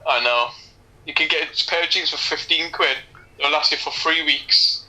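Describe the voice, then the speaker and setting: A man's voice: a little high, moderate pace, pushed and bright, rough recording. A man co-hosting a film commentary podcast, joking around and slipping into silly impressions. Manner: jokey and nostalgic, slips into silly impressions. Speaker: podcast co-host. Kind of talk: casual film commentary chat.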